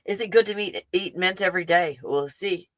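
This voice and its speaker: A woman with a Texan accent, hosting a casual livestream and chatting in an excitable, rambling way full of fillers. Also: lowish voice, moderate pace, no room sound. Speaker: livestream host. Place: home in the mountains.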